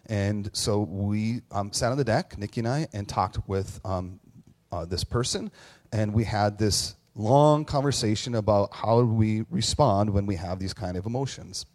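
A man's voice: fairly low pitch, a little mellow. A man preaching a conversational sermon as a pastor, candid and self-deprecating, telling stories with plenty of fillers and restarts. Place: church with online audience.

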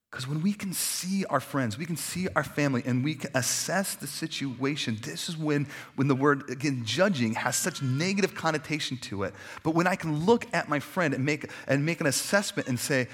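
A man's voice: a little high, animated, moderate pace, fairly bright tone. A man pastor preaching a sermon in a conversational way, stacking repeated phrases for emphasis and dropping in casual asides.

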